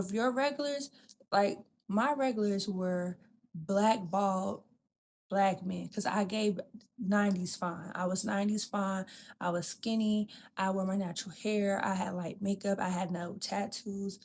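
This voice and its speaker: A woman's voice: mid-range voice, a little hiss or hum. Frank, profane woman telling a story. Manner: frank and profane, addresses listener as "girl" and "bitch"; animated, acts out quoted people. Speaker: podcast host. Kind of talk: candid storytelling chat.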